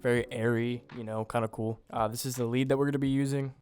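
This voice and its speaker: A man's voice: mid-range voice, steady tone, fast talker. A young man hosting a music production tutorial, talking casually and loosely with plenty of fillers. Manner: laid-back, loose, with frequent fillers like "you know, like".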